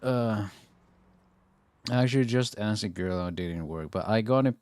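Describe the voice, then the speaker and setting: A man's voice: lowish voice, a little slow, darkish tone, no room sound. A man streaming a game and chatting casually, laid-back and rambling, swearing and laughing often. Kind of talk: casual chat while gaming.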